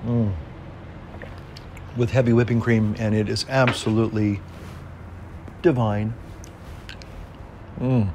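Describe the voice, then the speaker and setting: Slow, leisurely older man savoring aloud. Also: fairly low pitch, little pitch movement, noisy background. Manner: leisurely, savoring, humming "mm" between phrases. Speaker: pipe-smoking vlogger. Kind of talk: relaxed casual chat to viewers. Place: outdoors on a veranda deck.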